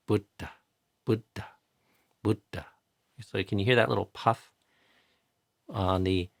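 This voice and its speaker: An American man teaching chanting pronunciation patiently in a live online tutorial, repeating each sound slowly to demonstrate it. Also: lowish voice, gravelly, a bit bright, dry recording, clean studio sound. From United States.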